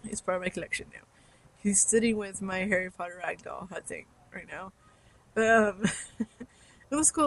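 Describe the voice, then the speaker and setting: A young woman fan chatting casually to her listeners, bubbly and rambling with lots of likes and ums. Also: mid-range voice. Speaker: fan podcaster. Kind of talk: casual chat.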